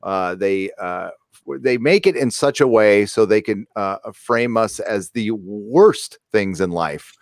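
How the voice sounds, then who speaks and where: A man co-hosting a casual livestream, ranting about pop culture with halting fillers. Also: fairly low pitch, no echo, clean studio sound. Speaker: livestream co-host.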